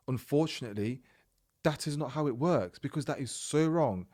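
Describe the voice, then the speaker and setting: A man hosting a podcast, telling a personal story in a casual, animated way and acting out the dialogue. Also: mid-range voice, normal speed. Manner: animated, retells events by acting out quoted dialogue. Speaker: podcast host.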